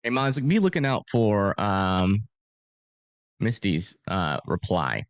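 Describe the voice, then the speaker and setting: A man's voice: on the low side, sing-song, slow, no echo. Chatty thirty-something man, dry close sound. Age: 30s. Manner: chatty, reads donations aloud, self-deprecating. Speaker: storm-chasing livestream host. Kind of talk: casual livestream chat.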